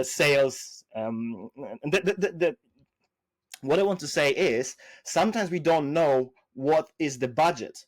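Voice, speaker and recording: A man telling business stories as a podcast guest, acting out dialogue with lively jumps and frequent restarts. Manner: animated, acts out quoted dialogue with big pitch jumps; many restarts and fillers, non-native phrasing. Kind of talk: casual interview storytelling.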